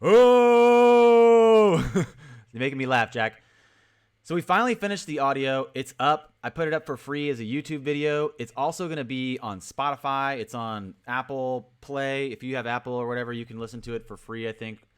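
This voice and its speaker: A man's voice: mid-range voice, fairly quick, clear, resonant tone. A man hosting a casual livestream, cheerfully repeating greetings and calling out viewers by name. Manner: upbeat, repetitive greetings, shouting out viewers. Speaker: crypto livestream host.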